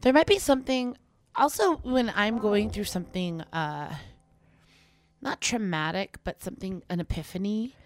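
A woman's voice: mid-range voice, animated. Young woman co-hosting campus radio. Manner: conversational, reflective, quick asides. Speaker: co-host of a college radio talk show. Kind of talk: casual advice chat.

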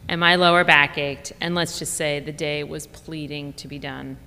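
A woman's voice: little pitch movement, normal speed, sharp tone, smooth. A woman narrating a memoir in a wry, reflective tone. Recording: long reverb, faint rumble.

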